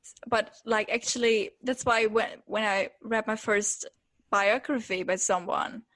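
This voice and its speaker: A woman's voice: fairly high pitch, steady tone, unhurried, a bit bright, no room sound. A teenage girl from Germany, a German native speaker, interviewing a writer in a casual, hesitant and giggly way. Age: late teens. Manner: hesitant, giggly, many fillers.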